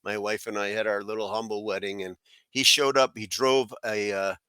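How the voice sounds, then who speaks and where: Bright-voiced man telling a rambling story. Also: fairly low pitch, little pitch movement, moderate pace, clean tone, no echo. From South Florida. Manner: rambling, many fillers and restarts. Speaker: guest. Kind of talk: casual storytelling.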